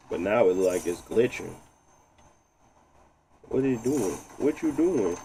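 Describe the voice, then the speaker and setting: A man streaming live, chatting casually while tinkering with settings, thinking out loud and laughing often. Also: on the low side, creaky, slight background noise. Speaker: gaming streamer.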